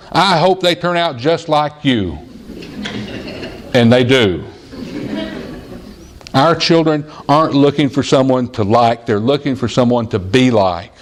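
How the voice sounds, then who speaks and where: A male pastor preaching a sermon in plain, earnest words, telling stories and sometimes quoting a small child in a high voice. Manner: jumps to a high child's voice when quoting a boy. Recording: audio-only church sermon recording.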